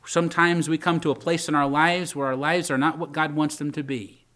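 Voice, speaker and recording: A man's voice: a little high, level tone, a little fast, pushed and bright. A man preaching a sermon, reading scripture aloud and pleading in the voice of a repentant king. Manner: impassioned preaching, quoting scripture in old English, pleading voice for David. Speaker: pastor.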